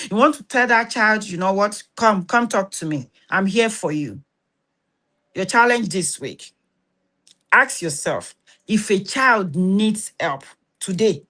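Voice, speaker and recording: A woman's voice: medium pitch, a bit bright. Earnest woman. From Nigeria. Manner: urgent and exhorting, with repeated words and restarts. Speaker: host. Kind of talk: earnest spoken talk to camera.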